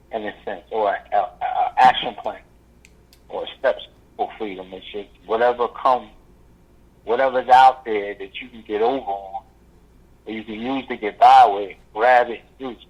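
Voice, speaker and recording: A man telling his story as an interview guest, rambling and halting with many fillers. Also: medium pitch. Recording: muffled lo-fi audio.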